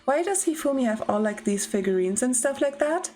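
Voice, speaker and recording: A woman's voice: high voice, animated, brisk, dark tone, rough recording. A young woman streaming a game, talking casually and emotionally, swearing as she reacts. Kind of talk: casual gameplay commentary.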